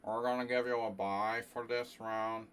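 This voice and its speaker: A man impersonating a gruff old male chess tournament director, making slow, loud, drawling announcements. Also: lowish voice, little pitch movement, slight background noise, close to an everyday voice. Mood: announcing.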